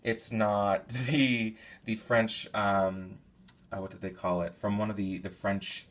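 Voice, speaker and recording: A man's voice: fairly low pitch, little pitch movement, slow pace. A man giving a casual, rambling product review, thinking aloud with many fillers and restarts. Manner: detailed, thinks aloud while describing scents. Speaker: candle reviewer.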